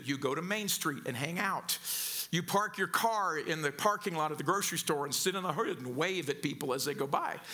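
High, bright-voiced preacher from Missouri. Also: male voice. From southern Missouri. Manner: conversational, stammering restarts, storytelling. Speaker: pastor. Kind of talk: sermon.

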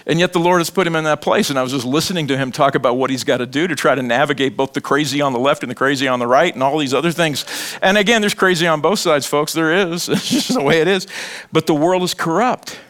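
A middle-aged man preaching a sermon in a conversational, animated way, joking and acting out little scenes. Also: on the high side, fast. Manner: animated, conversational preaching with laughs and acted quotes. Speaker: pastor.

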